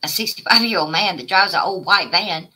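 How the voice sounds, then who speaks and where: A woman, live streaming a profane, taunting rant at a rival, swinging from shouted demands to low mutters. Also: a little fast, slightly rough, low-quality recording. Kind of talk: confrontational livestream rant.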